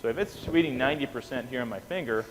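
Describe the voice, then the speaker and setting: A man giving an anesthesia lecture, animated, quizzing the class and often checking in with "okay?". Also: mid-range voice, fast talker. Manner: animated, asks the class questions, keeps saying "okay?". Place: lecture room. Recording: reverberant hall with faint noise.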